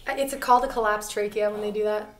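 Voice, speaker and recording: A woman's voice: medium pitch, fairly even intonation, quick pace. A woman hosting a casual podcast, chatty and curious, asking questions and laughing easily. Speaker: podcast host.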